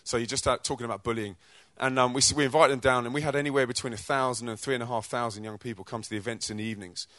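Rapper with a mid-range voice, recorded dry, giving a high-energy, story-driven church talk. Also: male voice, no echo. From England. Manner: energetic, chatty storytelling with slang and quick restarts. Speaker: Christian rapper and charity co-director. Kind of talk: informal testimony talk to a church audience.

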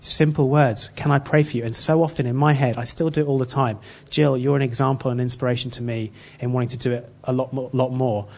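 A man preaching in a relaxed, storytelling way, speaking at a middling pitch for a man. His delivery is earnest but halting, full of restarts and small hesitations. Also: creaky. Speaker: church speaker. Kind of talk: informal sermon with personal story.

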